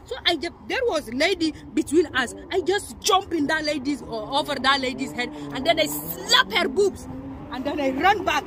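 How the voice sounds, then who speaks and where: A woman's voice: sits high, lively intonation, moderate pace, background noise. A young woman from Niger with a Nigerien accent, retelling a confrontation in a heated, profane and emphatic way as a vlogger. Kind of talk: angry storytelling to camera.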